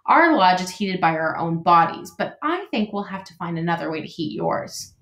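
A woman's voice: on the low side, big pitch swings, moderate pace, fairly bright tone. A woman voicing a friendly, talkative male beaver builder with a folksy manner, in an echoey room. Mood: chatty.

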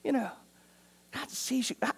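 A man pastor preaching a sermon in a church, earnest, moving from urgent appeals to hushed, quiet passages. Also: normal speed. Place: church sanctuary.

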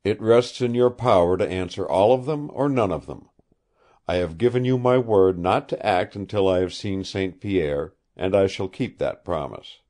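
A man's voice: deep voice, normal speed, dark tone, natural voice. Man reading a firm young lawman. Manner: firm, commanding. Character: stern young male law officer. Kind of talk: audiobook character reading.

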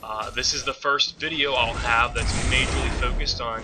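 A man's voice: steady tone, moderate pace, over loud music. Chatty man narrating a game tutorial. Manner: chatty, joking asides, frequent restarts. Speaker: gaming channel host. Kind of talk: casual game tutorial voice-over. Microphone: low-quality mic. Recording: noisy low-quality home recording.

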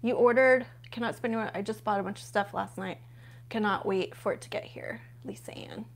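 A woman with a gravelly, medium-pitched voice talks a bit quickly over a faint hiss or hum. She's hosting a casual live unboxing stream at home, gushing about what she unpacks and chatting with viewers while flipping pages.

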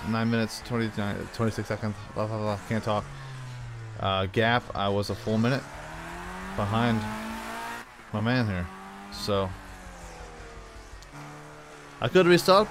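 A man's voice: mid-range voice, normal speed. A man with the hiccups talks through a racing game in a loose, joking let's-play style. He grumbles back at the game and laughs off his own mistakes. Game music and engine noise run under his voice. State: has the hiccups. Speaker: gaming channel host. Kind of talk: casual let's-play commentary.

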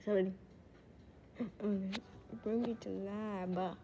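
A woman's voice: mid-range voice, fairly even intonation, takes it slowly, warm tone, muffled recording, a little hiss or hum. A woman voicing a silly, childish talking axolotl that giggles and repeats words over and over in a playful comedy skit. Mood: giddy.

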